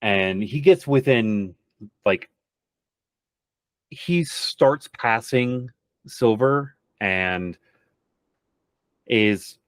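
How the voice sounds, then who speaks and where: A man narrating a tabletop game as game master, in a halting way with many fillers. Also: mid-range voice, animated, clear, resonant tone, no room sound.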